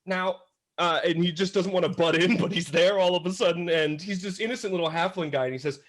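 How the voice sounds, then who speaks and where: A man telling stories in a casual podcast chat, animated and laughing often, acting out voices. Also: high-pitched, brisk. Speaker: podcast guest.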